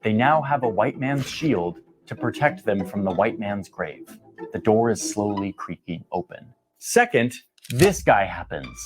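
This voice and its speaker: A man's voice: lowish voice, sing-song, measured pace. A man narrating a history explainer in a casual, conversational way, with wry slangy asides and dramatic beats. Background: background music.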